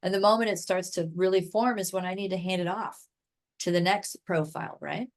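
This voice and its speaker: A woman's voice: lowish voice, fairly even intonation, fairly quick. A woman from the United States, a guest expert on a podcast, talking enthusiastically in long chatty runs full of "like" and "right?". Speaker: guest expert in human design. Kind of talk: casual podcast interview.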